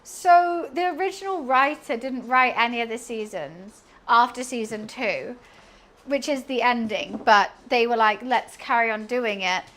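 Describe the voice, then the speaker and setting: A young woman streamer with a slightly high, somewhat bright voice chats casually at a measured pace while she cleans and cooks in her home kitchen, rambling and humming to herself.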